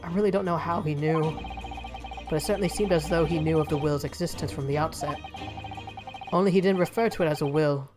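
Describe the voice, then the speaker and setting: Meek ex-warder, regretful and hushed, read by a woman, low voice, game music behind. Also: a little fast, close to an everyday voice. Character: meek middle-aged male former prison warder.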